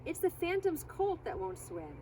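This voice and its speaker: A woman reading aloud, voicing a hoarse old grandfather who talks in folksy country dialect. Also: fairly high pitch, expressive, normal speed, natural voice. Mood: calling. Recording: distant mic, loud outdoor noise.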